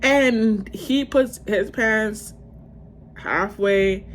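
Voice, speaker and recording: A woman in her twenties telling a storytime tale to her viewers in a casual, profane, rambling way, breaking into loud outbursts. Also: on the high side, very slow, a little hiss or hum. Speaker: vlogger.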